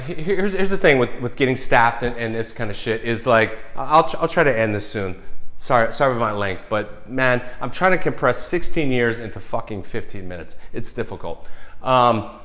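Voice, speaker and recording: A man's voice: mid-range voice, a bit bright. A man, a screenwriter, rants in a vlog monologue, swearing often, heated and rambling with many restarts.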